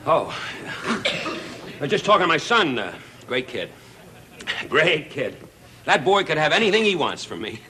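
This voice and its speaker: A man's voice: on the high side, very animated, a little slow, pauses often, sharp tone, slight background noise, heavily acted. An actor playing a rich, lonely middle-aged father in a sitcom, pleading with his estranged son over the phone and then covering it with forced bluster. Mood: forced cheer. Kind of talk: sitcom acting. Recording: studio audience laughter.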